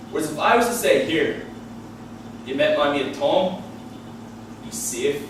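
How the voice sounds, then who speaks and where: A young man from Belfast with a Belfast accent, doing a stand-up comedy set on stage, talking fast and enthusiastically. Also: sits high, noisy background. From Northern Ireland. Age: young adult. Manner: quick and enthusiastic. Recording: echoey venue, heard from a distance.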